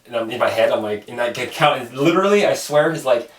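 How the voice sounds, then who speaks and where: A man's voice: mid-range voice, animated, fast, roomy sound, distant mic. A man hosting a podcast, telling a rambling story in casual chat, swearing and acting out the people he quotes. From Alaska. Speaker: podcast host.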